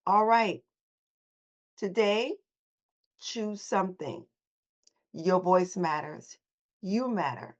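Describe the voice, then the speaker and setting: A woman's voice: lowish voice, slow pace, long pauses, highs cut off. A woman hosting a motivational morning call, coaching listeners and having them repeat affirmations back to her. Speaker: host and voice coach.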